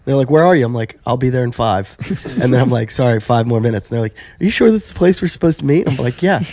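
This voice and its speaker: A man's voice: mid-range voice, expressive, fast talker, dark tone, no echo. A man hosting a podcast, chatting casually and acting out the people in his stories. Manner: acts out both sides of his stories in quoted voices. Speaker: podcast host. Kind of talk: casual chat, storytelling.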